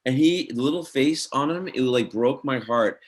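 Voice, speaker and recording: A man, an actor guest, telling a lively anecdote on a video call and acting out the people in it. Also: mid-range voice, normal speed. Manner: animated storyteller, acts out voices in his anecdote.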